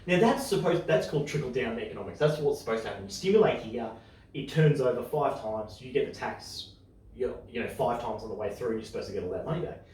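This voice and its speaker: Excitable man in an echoey room. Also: medium pitch, recorded from a distance, a little hiss or hum. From Australia. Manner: excitable, opinionated, speeds up and slows down. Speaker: podcast host. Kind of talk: casual chat.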